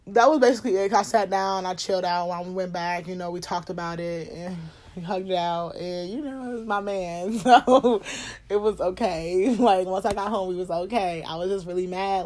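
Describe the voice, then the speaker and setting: A young woman telling a personal story in a candid, profane, laughing way, getting loud when she acts out scenes. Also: on the low side. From Cincinnati, USA. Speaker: podcast host. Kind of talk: casual storytelling monologue.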